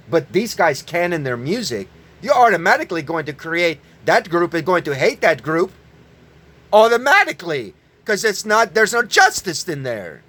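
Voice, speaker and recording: A man giving an angry, profane religious rant, yelling at his listeners. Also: fairly high pitch. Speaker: online preacher.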